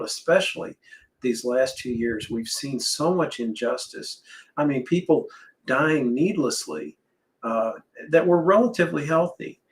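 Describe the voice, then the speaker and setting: A man's voice: mid-range voice, poor audio. A man in his sixties in a casual faith talk, speaking earnestly with hesitant restarts. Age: 60s.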